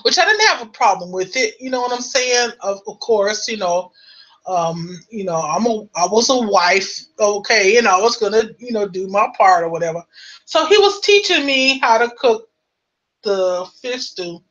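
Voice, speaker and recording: An American woman telling a story in a casual, animated way, full of "you know" and laughter. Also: mid-range voice, moderate pace, highs cut off. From United States. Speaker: vlogger.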